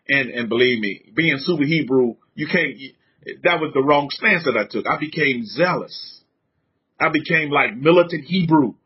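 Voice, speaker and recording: A man's voice: a little high, very animated, moderate pace, breathy edge. A man giving an informal sermon as a religious teacher, fervent and conversational, with casual slang. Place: San Antonio. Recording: dull lo-fi recording.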